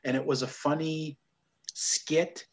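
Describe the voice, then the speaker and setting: A man's voice: a little high, level tone, slow. Canadian man hosting a wrestling chat. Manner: jokey, grumbling, laughs often. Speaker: podcast host. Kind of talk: casual chat.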